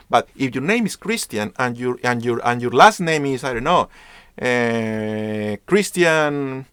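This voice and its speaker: A branding lecturer, teaching an online business class, has a medium-pitched voice that is creaky and a bit bright, with no echo. He makes his points emphatically, repeats them, and acts out brief conversations.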